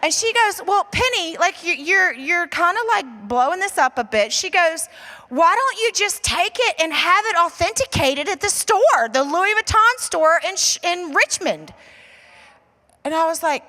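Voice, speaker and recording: Animated woman preaching in a reverberant hall. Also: very high voice, normal speed. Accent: American. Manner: animated storyteller acting out dialogue, says "like" often. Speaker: pastor. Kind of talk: sermon storytelling. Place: church auditorium. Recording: long reverb of a church hall.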